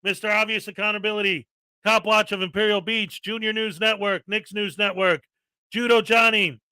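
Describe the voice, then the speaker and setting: High, bright-voiced ranting man. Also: steady tone, moderate pace, smooth, dry recording, low-quality recording. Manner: ranting, reels off long lists. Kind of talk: casual live-stream chat.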